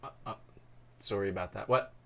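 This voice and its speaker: A man's voice: fairly low pitch, brisk, vocal fry, pushed and bright. A man hosting a live stream, chatting in a rambling, casual way and reading chat aloud. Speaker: streamer host.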